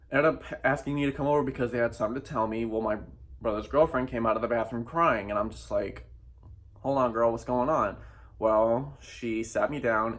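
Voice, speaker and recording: A young man telling a personal story in a vlog, candid and emphatic, swearing often and acting out what people said. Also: mid-range voice. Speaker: vlogger.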